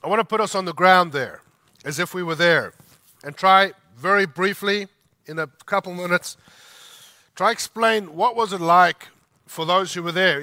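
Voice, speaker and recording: Bright, high-voiced male preacher. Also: no echo. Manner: emphatic, slows down to stress scripture lines. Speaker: pastor. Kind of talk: sermon.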